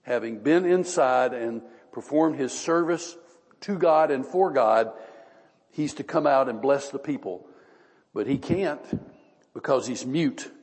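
A man with a husky, mid-pitched voice delivers a sermon, chatting easily with his listeners between passages. Each time he reads scripture he slows down and stresses the words. His voice carries a long reverb, as if he were in a large church hall. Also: darkish tone. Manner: earnest, conversational, reads scripture slowly with emphasis. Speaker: pastor. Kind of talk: sermon Bible teaching.

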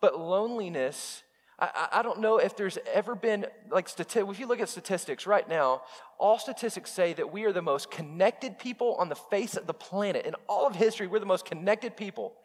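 Male pastor, high voice, impassioned sermon, repetitive, church hall reverb. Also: lively intonation, a little fast. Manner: impassioned, repetitive, direct address to congregation. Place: church sanctuary.

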